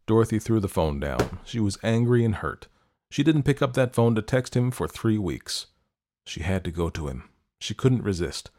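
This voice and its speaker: A man hosting a podcast, reading stories aloud in calm, measured scripted narration. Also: lowish voice. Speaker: podcast host and story narrator.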